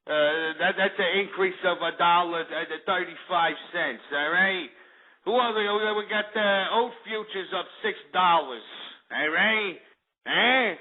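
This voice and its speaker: A man's voice: high-pitched, a little slow. A man putting on a New Jersey accent to play a boastful, crude Jersey Shore tough guy who ends lines with "eh?". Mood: cocky. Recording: tinny phone-like line.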